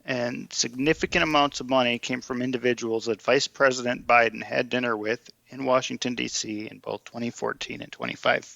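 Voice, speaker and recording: A man's voice: mid-range voice, steady tone, brisk, gravelly, few pauses, bright, forceful tone, no room sound, highs cut off. A man co-hosting a podcast in casual chat, running through news details and checking in with "right?". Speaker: podcast co-host.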